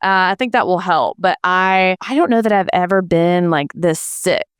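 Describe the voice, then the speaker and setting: A lively woman co-hosting a podcast, chatting casually with lots of "like" and quick laughs. Her voice is smooth and clear, recorded dry and close with no room sound. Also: on the low side, dry recording. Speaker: podcast co-host. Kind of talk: casual chat.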